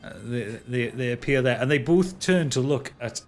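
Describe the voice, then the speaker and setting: A man's voice: mid-range voice, normal speed, soft background music. Man running a tabletop game. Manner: stumbling, repeats words while narrating. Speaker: dungeon master.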